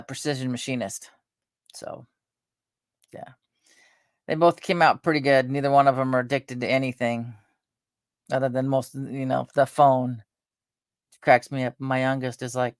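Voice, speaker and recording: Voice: mid-range voice, fairly even intonation, measured pace, long pauses, dry recording. Middle-aged vlogger, chatty and meandering, dry close sound. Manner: meandering, chatty, lots of fillers and restarts. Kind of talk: casual rambling chat.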